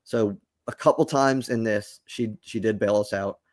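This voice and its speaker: A man's voice: fairly low pitch, moderate pace, no room sound, clean studio sound. A man co-hosting a sports podcast, bantering and breaking down the game in a joking, casual way. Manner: joking, self-promoting banter. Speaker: podcast co-host.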